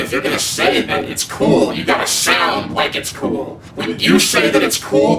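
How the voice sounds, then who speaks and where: A man's voice: mid-range voice, very noisy. A man telling a comic story in a sarcastic, profane rant, slipping into mock voices. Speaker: comedic vlogger telling a story. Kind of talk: comedic rant with acted dialogue. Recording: echoey room, heard from a distance, loud music behind. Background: loud music.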